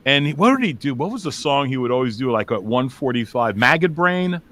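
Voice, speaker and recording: A middle-aged man, a comedian hosting a podcast, telling stories in a lively, laughing way. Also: medium pitch, fairly quick. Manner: animated, laughing, acts out quotes. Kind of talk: casual storytelling interview.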